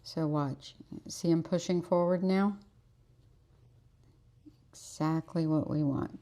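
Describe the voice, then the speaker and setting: A woman's voice: low-pitched, steady tone, slow, long pauses, mellow. A woman dog groomer explaining her technique while coaxing and praising the dog she is working on in a grooming salon. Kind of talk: instructional grooming demo.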